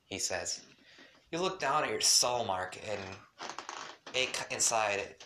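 A man's voice: fairly low pitch, expressive, takes it slowly, long pauses, bright, forceful tone, a little hiss or hum. A man reading a second-person fan story at home, his voice shaky from the cold, with stumbles and chatty asides. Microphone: home mic, cold room.

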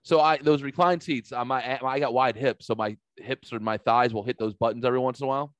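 A man's voice: mid-range voice, steady tone, brisk, dry recording. A man hosting a podcast, telling a rambling, profane story in casual chat. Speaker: podcast host.

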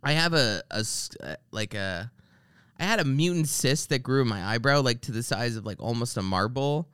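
A man's voice: medium pitch, moderate pace, clean tone, dry recording, studio quality. A man hosting a podcast, telling ranting comic stories in casual chat, swearing freely and mimicking the people in them. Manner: animated storyteller, mimics people in his anecdotes. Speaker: podcast host.

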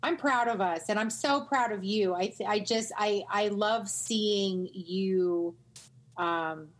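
A woman's voice: medium pitch, slow pace. A woman co-hosting a podcast, talking candidly and emphatically, cursing freely and cheering her friend on. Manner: emphatic, profane, affirming, ranting. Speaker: podcast co-host. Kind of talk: candid casual chat.

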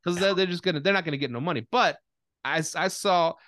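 A man's voice: a little high, fast, a bit bright, dry recording, studio quality. A man hosting a podcast in casual chat, talking bluntly with lots of profanity and restarts. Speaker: podcast host.

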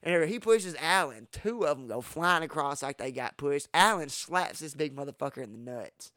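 A man telling rowdy stories on a podcast in a bright, pressed, slightly high voice. His speech is crisp and clean, recorded close and dry, and he bursts loud whenever he acts out a line. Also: normal speed, no echo. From Texas. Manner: animated, profane, acts out quoted lines with sudden loud jumps. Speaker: podcast host. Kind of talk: casual storytelling.

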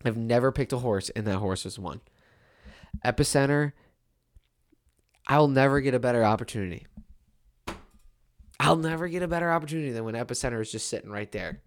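Animated young man ranting about sports. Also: medium pitch, fairly quick, long pauses. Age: 20s. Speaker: sports commentator. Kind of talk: casual sports rant.

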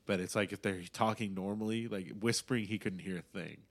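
A man's voice: lowish voice, fairly quick. Casual, foul-mouthed young man. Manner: swears a lot, rambling and animated when excited. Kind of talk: casual chat.

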